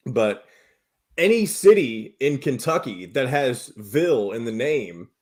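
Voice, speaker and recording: A man's voice: mid-range voice, very animated, slow. A man co-hosting a casual sports radio chat, easygoing and chiming in with quips. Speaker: radio co-host and commercial voice-over.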